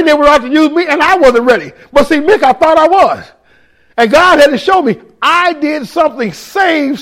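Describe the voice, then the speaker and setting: A man telling his life story as a testimony, emphatic, sinking low and quiet when he warns. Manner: emphatic, drops low and quiet for quoted warnings.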